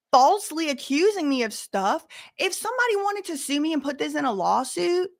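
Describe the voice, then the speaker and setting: A young woman hosting a casual commentary channel, talking straight to viewers in an animated, emphatic way and using y'all and casual slang. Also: high voice.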